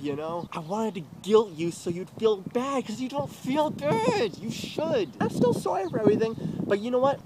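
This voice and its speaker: A man's voice: high-pitched, heavy background noise. A man delivering a bitter, agitated confessional vlog monologue with heavy swearing, recorded outdoors by a road.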